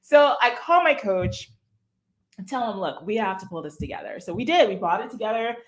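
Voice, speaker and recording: A woman guest in a casual interview, speaking at an everyday pitch. She tells her story with lively, expressive energy and an easy, chatty flow. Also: fairly quick, a little hiss or hum.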